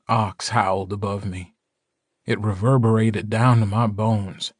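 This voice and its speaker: Man, audiobook narrator, first-person, slow, dramatic, dry close recording. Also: lowish voice, fairly even intonation, husky, dry recording. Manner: measured, dramatic.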